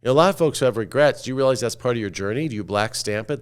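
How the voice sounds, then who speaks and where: A man hosting a podcast, telling a slow guided-imagery story and dropping to a hushed, low voice at the ends of phrases. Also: smooth. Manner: slow, coaxing, asks listener to picture scenes. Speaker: podcast host.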